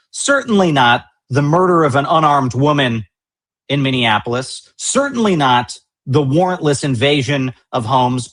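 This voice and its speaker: A man's voice: on the high side, fairly bright tone. A man hosting a political news show, delivering indignant commentary with emphatic, repeated rhetorical lines.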